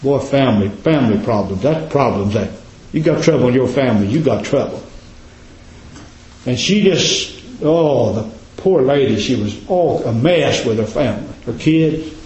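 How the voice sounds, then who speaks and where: A man preaching a sermon as a pastor, repeating his points and dropping to a low, hushed voice for emphasis. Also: lively intonation, moderate pace. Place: church. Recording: echoey, dull church recording.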